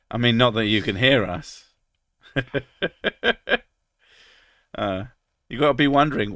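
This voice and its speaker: A man's voice: mid-range voice, fairly bright tone, no echo, studio quality. A man with a cold, casually chatting on a live stream, joking crudely and reading out chat messages. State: has a cold, about to sneeze.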